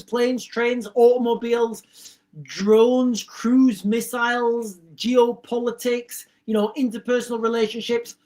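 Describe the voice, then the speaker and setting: A man hosting a livestream, reading out viewer comments and answering them in a rambling, blunt, repetitive way. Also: extremely high pitch. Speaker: livestream host.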